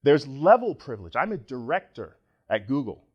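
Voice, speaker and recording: A middle-aged man from Nigeria giving a conference talk, joking and animated with the audience. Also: medium pitch, normal speed, slightly rough, muffled recording. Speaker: conference speaker.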